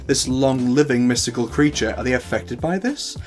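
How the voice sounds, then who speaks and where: A man's voice: medium pitch, moderate pace, few pauses, faint music behind. A man with a northern English accent hosting a tutorial, chatty with playful asides. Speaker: host. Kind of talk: tutorial talk to camera.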